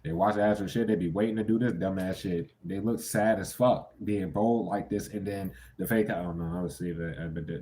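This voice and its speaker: A man's voice: low-pitched, steady tone, fairly quick, darkish tone. A young man giving a casual tarot reading, talking bluntly and with heavy profanity, breaking into sudden incredulous outbursts. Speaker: tarot reader.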